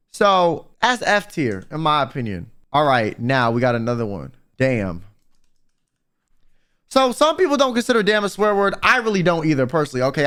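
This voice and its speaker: Young guy streamer rambling to chat, high voice, jumps all over the place. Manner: animated, rambling, talks to chat. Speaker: vtuber streamer. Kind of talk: casual comedic ranking monologue.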